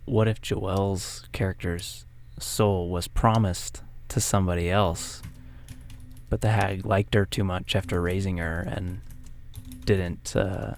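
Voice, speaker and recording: Male co-host, low and gravelly, relaxed casual talker. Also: takes it slowly. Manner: laid-back, brief agreeing replies. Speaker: podcast co-host and player. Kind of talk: casual chat about tabletop games.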